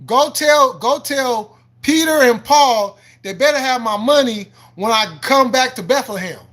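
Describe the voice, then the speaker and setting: Livestream host, male, combative and profane, preachy rant, high bright voice. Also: measured pace. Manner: combative, profane, repeats himself, laughs often; preachy and argumentative, quoting scripture. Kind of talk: live-stream rant answering chat.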